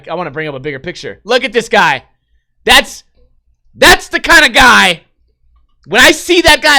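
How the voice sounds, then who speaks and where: A man comically reading and riffing on news articles, profane and animated with laughing asides. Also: high-pitched. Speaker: comedy commentator.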